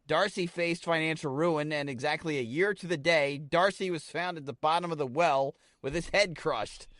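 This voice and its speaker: This man's voice sits on the high side, and he moves at a moderate pace with no room sound behind him. As a podcast co-host in casual conversation, he tells rambling, profane, excitable stories.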